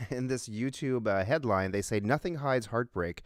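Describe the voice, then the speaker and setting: A man co-hosting a casual comedy podcast, bringing up news items in a halting way full of fillers. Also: mid-range voice, no room sound, clean studio sound. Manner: halting, filler-heavy delivery. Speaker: co-host reading news items.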